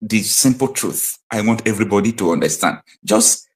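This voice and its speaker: A man's voice: fairly low pitch, lively intonation, normal speed. A man with a Nigerian accent hosting a live political commentary stream, impassioned and repeating his points for emphasis.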